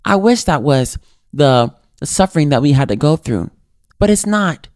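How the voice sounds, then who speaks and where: A man hosting his own podcast, giving an earnest, reflective solo motivational talk with lively pitch swings. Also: moderate pace, dry recording, clean studio sound. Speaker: podcast host.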